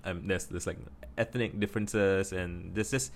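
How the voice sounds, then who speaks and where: A man's voice: low-pitched, fairly even intonation, moderate pace, a little hiss or hum. A man from Singapore with a Singaporean English accent, talking casually to camera and thinking aloud with many restarts. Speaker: vlogger.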